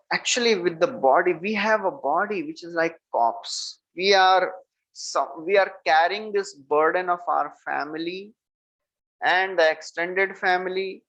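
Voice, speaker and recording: Gravelly man giving a scripture lecture. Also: on the high side, fairly bright tone. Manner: storytelling, acting out quoted speech. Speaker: preacher. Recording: dull lo-fi lecture recording.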